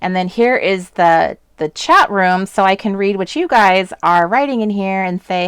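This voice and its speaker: A woman's voice: medium pitch, normal speed, hardly any pauses, smooth, no room sound. Chatty woman who laughs often, dry sound. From US West Coast. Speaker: crafting live stream host. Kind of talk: casual live stream chat. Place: indoors at a home craft desk. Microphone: desk webcam setup.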